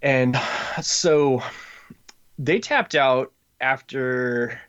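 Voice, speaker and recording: A man's voice: medium pitch, normal speed, fairly bright tone. Rambling man telling stories, lo-fi. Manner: rambling storyteller, acts out voices, many fillers. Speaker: comic book creator. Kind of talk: casual podcast chat. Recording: slightly dull lo-fi audio.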